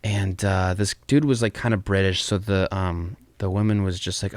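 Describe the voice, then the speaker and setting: Podcast host, man, low voice, rambling and profane, dry close mic. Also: fairly even intonation, moderate pace, no room sound. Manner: rambling, swears freely, laughs often. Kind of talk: casual chat.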